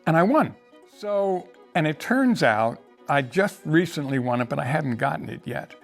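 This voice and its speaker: Older man, gravelly storyteller who restarts often, faint music bed. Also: a little high, animated, moderate pace. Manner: rambling, with repeated restarts and acted quotes. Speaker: interviewee storyteller. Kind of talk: casual storytelling.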